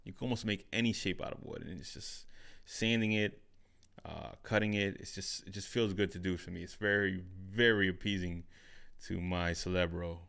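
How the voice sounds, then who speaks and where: A man hosting his own podcast, talking it through in a relaxed solo chat from his home studio and often repeating himself with a questioning "right?". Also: low-pitched, normal speed, vocal fry. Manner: reflective, repeats phrases, frequent "right?". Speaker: podcast host. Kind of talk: solo casual talk. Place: home studio with curtains behind. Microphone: studio microphone on overhead stand.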